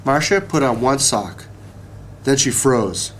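A man reading a children's storybook aloud, taking it slowly and letting his voice rise and fall with lots of expression. Each sentence is measured and clear, the way you'd read to a child. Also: mid-range voice, lively intonation, slight background noise.

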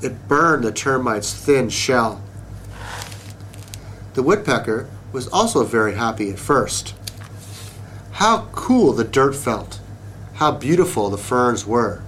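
A man reading a children's story aloud in a slow, expressive way. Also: mid-range voice, a little hiss or hum.

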